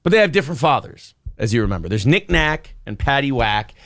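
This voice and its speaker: A man in his forties hosting a casual morning show, telling a long deadpan joke full of fillers and reading out chat comments. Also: mid-range voice, fairly quick, no room sound.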